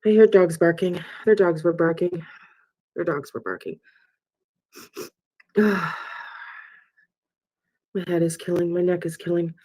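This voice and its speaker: Mellow-voiced woman channeling spirits. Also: lowish voice, steady tone. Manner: halting and repetitive, often dropping to a whisper. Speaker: psychic medium. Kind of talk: live spirit-channeling session.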